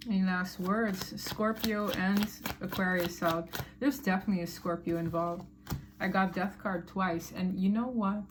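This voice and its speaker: A woman's voice: mid-range voice, a little hiss or hum. A woman giving a casual tarot reading to her viewers, chatty and emphatic, with slangy asides. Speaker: tarot reader.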